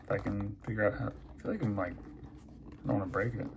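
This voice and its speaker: A man's voice: lowish voice, fairly quick, over music. A man reviewing knives and pens in a casual unboxing, chatty and thinking aloud with many fillers. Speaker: knife and pen reviewer.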